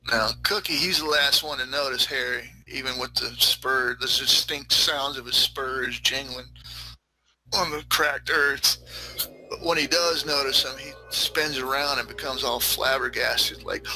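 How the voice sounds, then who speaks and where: A man's voice: mid-range voice, fairly even intonation, measured pace, sharp tone, soft background music, low-quality recording. A man, game master narrating a western tabletop game in a laid-back, vivid way.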